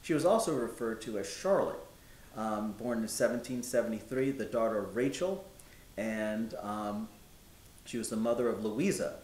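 A man in a historical reenactment, playing someone who respectfully reports news of freed neighbors, listing facts in a measured way with many pauses and ums. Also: darkish tone, close to an everyday voice. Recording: roomy with faint low rumble.

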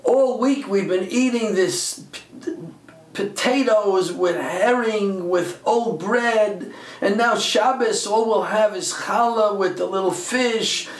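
A man voicing a poor young boy who cries and complains to his mother in a slow, drawn-out way. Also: high voice, voice pushed up. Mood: wailing. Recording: roomy, distant mic.

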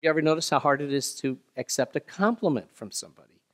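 Pastor, man, slightly higher voice, delivers a chatty, self-deprecating sermon. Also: fairly bright tone. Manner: conversational, self-deprecating, acts out little dialogues; slow, solemn scripture reading.

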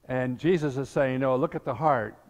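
A man's voice: medium pitch, normal speed. An older man preaching a sermon as pastor, telling the scripture story and acting out the voices in it. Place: church sanctuary. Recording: long church reverb.

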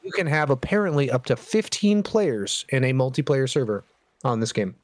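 A man's voice: mid-range voice, very animated, moderate pace, dry recording. A man joking and laughing often as a co-op partner in casual banter while gaming.

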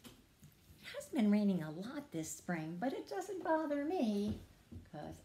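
A woman librarian reading a picture book aloud to preschoolers in a sing-song voice, pausing to ask the children questions. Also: medium pitch, big pitch swings, mellow. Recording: roomy echo.

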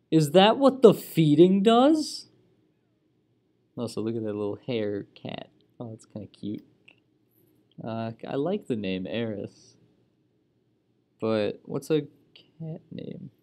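A man hosting a gaming channel, talking through his game in a slow, unhurried way. His voice sits a little low, and he keeps up a chatty stream of reactions broken by frequent exclamations. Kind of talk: casual let's-play commentary.

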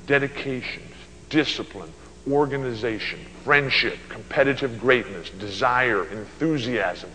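A man in his sixties giving an animated keynote at a luncheon, telling stories and acting out voices. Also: medium pitch, in a large hall, a little hiss or hum, rough recording. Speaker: motivational speaker. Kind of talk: storytelling keynote speech. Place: banquet hall at a luncheon.

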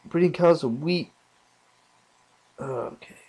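A young man casually commenting on his game, muttering to himself and swearing loudly when things go wrong. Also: fairly high pitch, slightly rough. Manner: slow, muttering, swears often, bursts out loud at the game. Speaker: gaming channel host. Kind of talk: casual let's play commentary.

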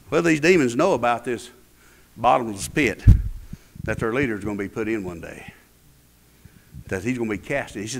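A man's voice: mid-range voice, moderate pace, gravelly, long pauses, a bit bright. A man preaching a sermon in an emphatic, rising and falling cadence. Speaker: pastor. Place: church.

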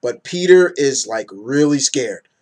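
A young man in a casual, rambling comic book review who gets excited and acts out characters' lines. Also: medium pitch, unhurried.

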